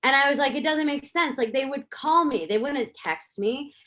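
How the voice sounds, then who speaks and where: A woman's voice: sits high, normal speed. Chatty woman filmmaker telling a story. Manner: animated, chatty with many fillers. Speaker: filmmaker guest. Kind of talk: casual interview storytelling.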